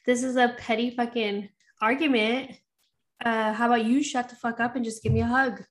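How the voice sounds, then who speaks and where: Chatty, confiding woman with a bright voice. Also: fairly high pitch, steady tone, moderate pace. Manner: chatty, confiding, laughs often, profane. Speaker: podcast co-host. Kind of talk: candid casual chat.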